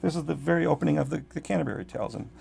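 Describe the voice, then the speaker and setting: A middle-aged literature professor speaks in an interview, his voice slightly high, gravelly, somewhat mellow, and a bit scratchy. He's thoughtful and digressive, and he slows down whenever he reads aloud in this conversational exchange.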